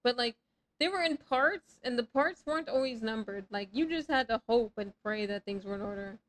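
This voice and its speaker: A woman's voice: fairly high pitch, expressive, normal speed, poor audio. A woman in her thirties chatting casually with her live chat while playing a game, rambling and swearing freely in self-mocking banter. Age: 30s. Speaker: streamer.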